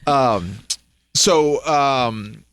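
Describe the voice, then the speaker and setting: A man co-hosting a radio talk show, joking freely in a playful, animated way. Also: medium pitch, extremely slow, very noisy. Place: radio studio.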